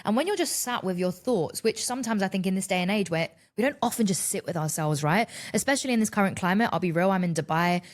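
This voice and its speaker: Woman, 30s, solo podcast host; candid, expressive, profane, conversational delivery. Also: medium pitch, fast talker, few pauses. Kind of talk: casual solo podcast monologue.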